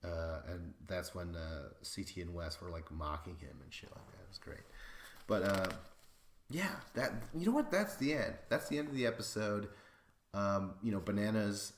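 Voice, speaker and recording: A man hosting a podcast, recapping casually in a rambling, excitable way and swearing freely. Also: deep voice, normal speed, reverberant, slight background noise. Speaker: podcast host.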